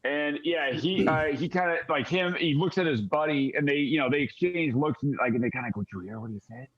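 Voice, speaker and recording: A man's voice: fairly high pitch, a little fast, muffled recording. A man running a tabletop game as dungeon master, narrating loosely with many fillers. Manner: relaxed, filler-heavy narration.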